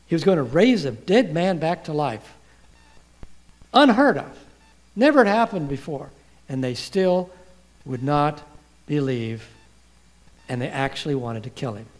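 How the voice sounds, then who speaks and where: A man preaching a sermon, quoting scripture and asking the congregation questions. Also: mid-range voice. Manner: asks the congregation questions and pauses for replies; quotes scripture with rising emphasis.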